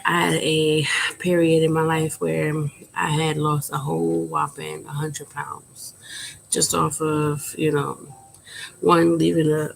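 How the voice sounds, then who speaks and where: Quiet, gravelly-voiced woman in her thirties. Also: low voice, a little hiss or hum, rough recording. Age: 30s. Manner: quiet, subdued speaking volume; frank, rambling, with frequent fillers. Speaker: vlogger. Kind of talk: candid personal vlog talk.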